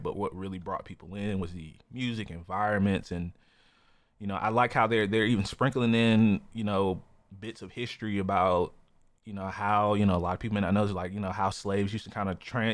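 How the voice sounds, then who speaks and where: A man's voice: fairly low pitch, fairly even intonation, brisk, dry recording. A man co-hosting a podcast in casual chat, rambling with lots of "you know" and "like" fillers. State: has the hiccups. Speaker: podcast co-host.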